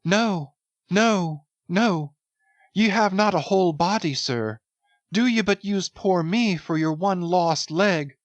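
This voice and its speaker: A woman's voice: lowish voice, slow pace, no echo, muffled recording. A woman voicing a devoted, half-mad young cabin boy, pleading and rambling feverishly. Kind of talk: dramatic audiobook reading.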